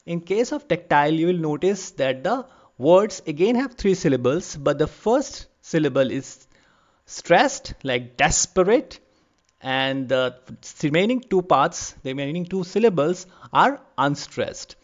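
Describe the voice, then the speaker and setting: A man giving an online literature lecture, explaining patiently and repeating terms slowly for emphasis. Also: on the high side, animated, muffled recording. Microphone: lavalier.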